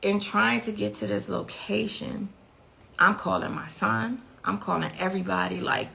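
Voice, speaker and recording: A woman's voice: mid-range voice, steady tone, normal speed, gravelly, pushed and bright, a little hiss or hum. A grieving mother recounting a night of violence in an emotional interview, her telling growing frantic as she relives it. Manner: recounts events with rising, frantic intensity.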